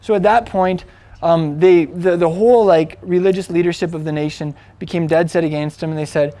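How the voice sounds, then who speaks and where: A man's voice: a little high, fairly even intonation, a little fast, warm tone. A man teaching from the Bible in a casual storytelling way, with many fillers and restarts as he retells the story conversationally.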